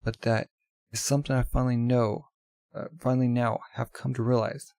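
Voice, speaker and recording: A man's voice: medium pitch, little pitch movement, creaky, darkish tone, dry recording, natural voice. Man reading as remorseful pleading father. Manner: earnest, halting public apology. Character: remorseful middle-aged father pleading with a crowd.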